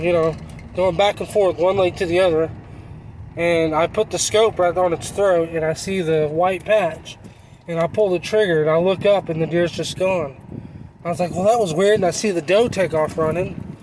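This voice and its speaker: A man's voice: sits high, normal speed, a little mellow, slight background noise, poor audio. A man telling a hunting story in a casual, rambling, folksy way. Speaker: channel host.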